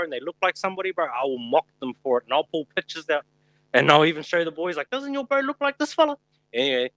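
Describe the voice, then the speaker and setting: Bright-voiced, laughing kiwi bloke. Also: male voice, fairly high pitch, dry recording, low-quality recording. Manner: swearing, laughing storyteller, calls people bro. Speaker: podcast co-host. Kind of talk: casual chat, storytelling.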